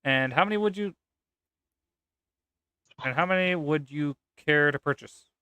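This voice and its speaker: A man voicing a bored young female sales operator who speaks in a flat monotone. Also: fairly high pitch, measured pace, clear, resonant tone, dry recording.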